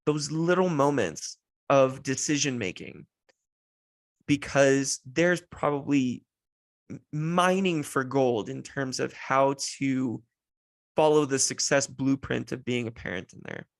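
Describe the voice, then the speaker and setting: A man's voice: mid-range voice, slow pace. A man in his thirties hosting a podcast, telling a heartfelt personal story in a rambling way with many restarts, sounding close to tears. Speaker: podcast host.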